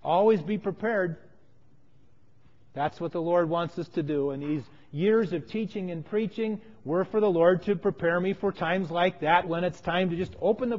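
A man with a fairly high voice preaches a sermon, mixing a personal story with scripture. He leans into key lines and then falls quiet. The recording is muffled, with a long reverb trailing off the walls. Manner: storytelling, emphatic, drops to quiet phrases. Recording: dull sound with long hall reverb.

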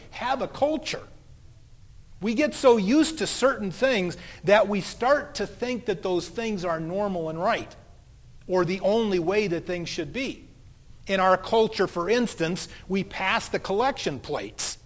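A man preaching a sermon as a pastor, telling stories in a conversational way. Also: high voice. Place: church sanctuary. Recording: long church reverb.

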